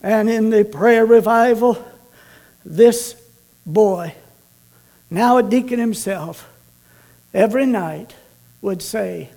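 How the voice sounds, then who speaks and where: A man preacher telling a story in a sermon, swinging from loud, urgent bursts to hushed, slow passages. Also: high-pitched, gravelly.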